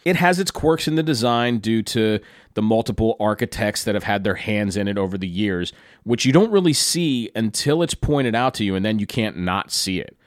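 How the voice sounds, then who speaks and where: A man's voice: lowish voice, expressive, normal speed, no room sound, studio quality. Chatty man recounting a trip. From Pennsylvania, USA. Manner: enthusiastic, conversational, chatty asides. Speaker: travel storyteller. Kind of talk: casual travel recap narration.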